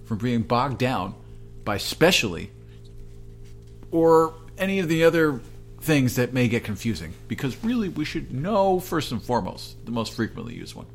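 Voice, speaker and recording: A man's voice: mid-range voice, very animated, moderate pace, soft background music. A man co-hosting a podcast, chatting casually in a rambling, jokey way and trying out metaphors that don't quite land. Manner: rambling, jokey, free with half-working metaphors. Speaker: podcast co-host. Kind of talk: casual chat.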